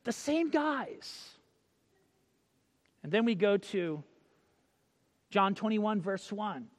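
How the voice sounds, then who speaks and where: A male preacher giving a sermon, telling stories, acting out quotes and reading scripture slowly. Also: sits high, big pitch swings, big-room sound. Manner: storytelling, acts out quotes, reads scripture slowly.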